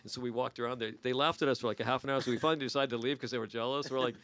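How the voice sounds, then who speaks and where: A man in his sixties hosting a podcast, telling crude stories quickly and laughing between lines. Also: medium pitch, steady tone, a bit bright. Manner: fast, crude, laughing anecdotes. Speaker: podcast host. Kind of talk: raunchy casual storytelling.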